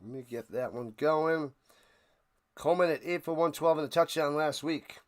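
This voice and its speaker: A man with a slightly higher voice hosts a live football watch-party stream. He calls the plays in a casual, excitable way and breaks into joking asides between snaps. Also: moderate pace. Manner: chatty, jokey, excitable asides. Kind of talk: casual livestream play-by-play.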